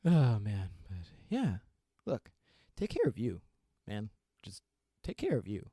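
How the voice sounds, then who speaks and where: A man's voice: lowish voice, wildly swooping pitch, slow, gravelly, warm tone, no room sound, studio quality. A young adult man hosting his own podcast, talking candidly and with self-deprecating humor in a solo rant, often breaking into laughter. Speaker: podcast host.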